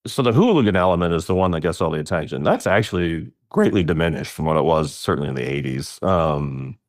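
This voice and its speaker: A man's voice: very deep voice, fast, no echo, studio quality. A middle-aged man telling stories in casual conversation, laughing often and jumping his voice up for emphasis. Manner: animated storyteller, laughs often, voice jumps up for emphasis.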